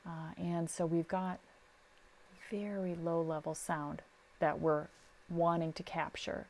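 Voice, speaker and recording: In a lowish, slow voice with slight background noise, a middle-aged sound recordist talks casually on a podcast, giving advice. She brings her stories to life by acting out what the people in them said.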